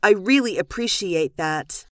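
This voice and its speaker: Woman, lesson dialogue reader, measured and crisp, mid pitch, dry close recording. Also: no room sound. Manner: measured, even, clearly articulated reading. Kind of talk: scripted business dialogue reading.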